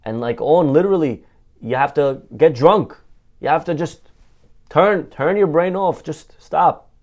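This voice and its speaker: Animated rabbi man giving a sermon. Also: a little high, measured pace. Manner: animated, asks and answers rhetorical questions; repeats phrases for emphasis. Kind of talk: Torah lesson sermon.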